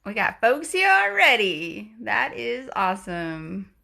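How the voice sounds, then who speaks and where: A woman's voice: mid-range voice, very animated, slow, gravelly, bright, forceful tone. A woman hosting a casual live stream, greeting viewers and reading their comments aloud in a bubbly, gushing way that often repeats itself. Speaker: live stream and podcast host.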